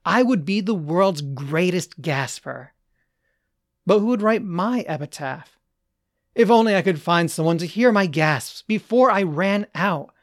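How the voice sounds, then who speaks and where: A narrator reading an absurd short story in a deadpan, measured way. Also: mid-range voice.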